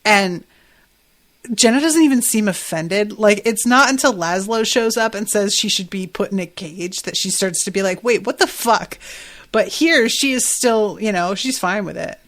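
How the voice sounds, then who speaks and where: A woman's voice: mid-range voice, moderate pace. A woman hosting a podcast, recapping a TV episode in a chatty, profane way and laughing often. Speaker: podcast host.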